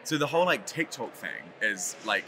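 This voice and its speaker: A man's voice: mid-range voice, lively intonation, normal speed, noisy background. A man, a musical's co-writer, chatting casually in an interview, rambling with lots of "like". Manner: rambling, heavy use of "like".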